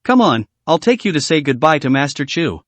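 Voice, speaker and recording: A man's voice: a little high, sing-song, brisk, no echo. A man voicing a pushy, scheming middle-aged aunt who talks in a falsely sweet, insistent way. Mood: wheedling.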